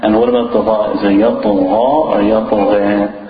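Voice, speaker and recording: A man teaching pronunciation in a classroom, patient and encouraging, repeating sounds slowly for his students. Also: fairly low pitch, dull audio, crowd noise. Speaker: Quran recitation teacher.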